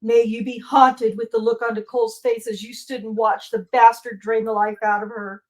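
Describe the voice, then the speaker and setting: Middle-aged mother, a bit high-pitched, reads a prepared impact statement in court, grief-stricken and bitter. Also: flat delivery, moderate pace, few pauses, low-quality recording.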